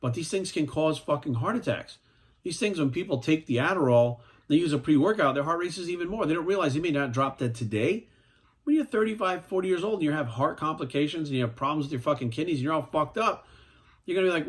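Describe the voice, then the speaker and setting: A man's voice: a little high, animated, fast talker. Profane, emphatic man in his forties. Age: 40s. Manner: profane, emphatic, repeats "right?". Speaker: fitness coach. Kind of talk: blunt vlog rant.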